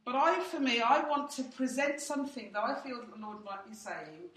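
A woman's voice: on the high side, moderate pace, a bit bright. A woman leading a church training session, speaking directly and acting out what people say in her own stories. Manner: direct, anecdotal, acts out quotes. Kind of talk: teaching with personal stories. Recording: echoey room from far off.

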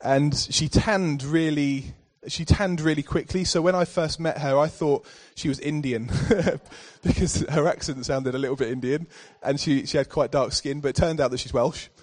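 Man, preacher, sermon in church, fairly high voice, storytelling, emphatic scripture reading. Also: moderate pace, hardly any pauses.

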